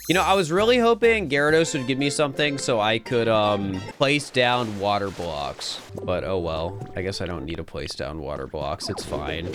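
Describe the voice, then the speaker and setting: A man's voice: lowish voice, lively intonation, normal speed, a bit bright, faint music behind. A man hosting a let's play, chatting casually over the game with wry, playful asides.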